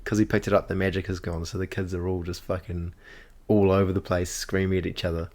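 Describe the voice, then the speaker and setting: A man's voice: low-pitched, little pitch movement, fairly quick, a little mellow. A young man, co-hosting a casual podcast chat, laughing often and swearing casually. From New Zealand. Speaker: podcast co-host.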